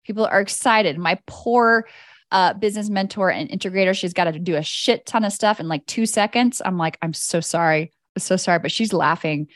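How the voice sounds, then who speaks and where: A woman's voice: mid-range voice, normal speed, dry recording, studio quality. A woman hosting a podcast as an energy coach, talking in a casual, candid monologue. She swears freely and laughs often.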